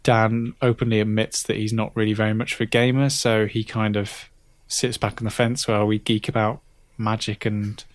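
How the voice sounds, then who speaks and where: A man guesting on a podcast, talking casually and hesitantly with many pauses. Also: on the low side, level tone, no echo. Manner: hesitant, lots of ums and restarts.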